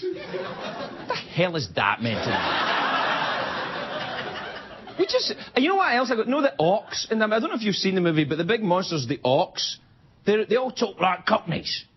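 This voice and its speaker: Lively Scottish comedy host. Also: male voice, high-pitched, a little fast, noisy background. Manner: animated, laughing asides, mock outrage. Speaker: late-night talk show host. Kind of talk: stand-up comedy monologue. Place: TV studio with live audience. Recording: dull TV audio with loud audience laughter.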